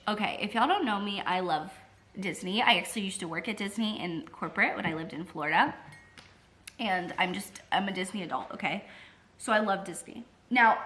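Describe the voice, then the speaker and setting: A woman book vlogger chatting casually and excitably to camera, full of "like" fillers and the odd swear word. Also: mid-range voice. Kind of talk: casual vlog chat.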